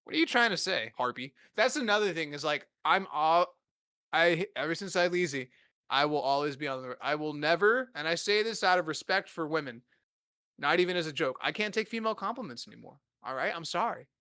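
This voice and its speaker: A man's voice: a little high, animated, a little fast, sharp tone, smooth, dry recording, clean studio sound. A young man in his twenties hosting a podcast, rambling and joking crudely in casual chat with lots of filler words. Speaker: podcast host.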